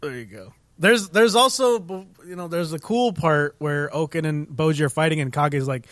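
A man co-hosting an anime podcast, laughing and animated as he recaps episodes in casual chat. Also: fairly high pitch, normal speed, dry recording. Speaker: podcast co-host.

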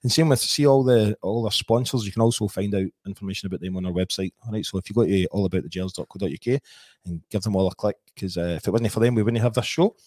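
A man's voice: fairly low pitch, fast, darkish tone, no echo. A Scottish man hosting a casual football podcast, jokey and chuckling as he moves through the segments. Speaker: podcast host.

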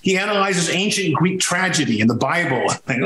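A man's voice: high-pitched, animated, brisk, few pauses, sharp tone, echoey room, low-quality recording. A man from Sicily talking as a podcast guest, telling his story emphatically with frequent restarts. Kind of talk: conversational podcast interview.

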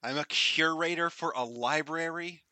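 A man playing in a tabletop game, quick-witted and sarcastic, joking and laughing as he talks. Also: fairly high pitch, pushed and bright, no room sound. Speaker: player.

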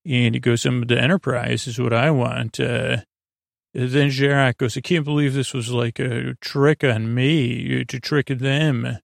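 A man with a gravelly, creaky voice loosely recaps a story in casual chat, stumbling and filling pauses as he goes. His delivery stays flat and even, recorded close on a dry mic. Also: mid-range voice, no room sound. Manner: loose, halting, many fillers, quotes characters in plain voice. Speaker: podcast host recapping an episode.

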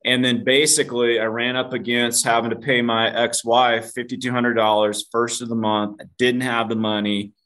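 A man guesting on a podcast tells a personal story with candor, his medium-pitched voice barely shifting in pitch. He talks at a moderate pace with few pauses and a fairly bright tone, mocking himself, swearing casually, and calling the host "dude."

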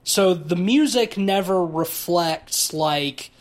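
A man's voice: high voice, takes it slowly. Rambling podcast co-host man. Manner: rambling, heavy use of "like". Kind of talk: casual movie discussion.

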